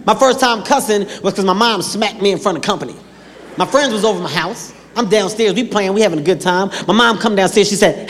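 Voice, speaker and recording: A man performing a stand-up comedy set, telling animated stories and acting out characters with sudden shouts, in a large live venue. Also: high-pitched, brisk. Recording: echoey live hall with crowd noise. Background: audience laughter.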